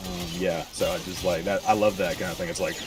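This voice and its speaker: Man, low-pitched, casual gaming chat, rambling, distant mic. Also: level tone, fast talker. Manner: rambling, restarts, laughs along. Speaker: gaming streamer.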